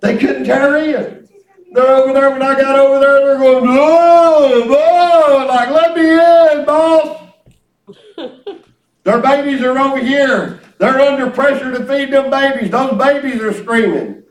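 A man preaching a storytelling sermon, animated and exclamatory, often breaking into laughter. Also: extremely high pitch, moderate pace. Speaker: pastor. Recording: roomy hall, mic at a distance.

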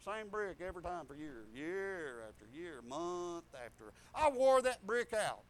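Older preacher man, very high voice, folksy and rambling, drops a hallelujah between stories. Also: very animated, unhurried. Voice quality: high-pitched. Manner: rambling storytelling with laughs and hallelujahs. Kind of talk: folksy sermon.

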